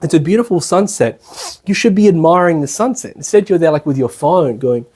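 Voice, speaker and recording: A man's voice: a little high, expressive, fairly quick, a little mellow, husky. An Australian man giving a casual spoken lecture at a retreat, chatty and colloquial, often checking in with his listeners and acting out the people he describes. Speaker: spiritual lecturer. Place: lecture room at a retreat centre.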